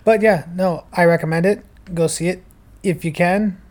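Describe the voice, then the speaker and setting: A young man co-hosting a casual movie podcast, chatty and joking, with quick asides. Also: sits high, steady tone, a little mellow. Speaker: podcast co-host. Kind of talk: casual movie review chat.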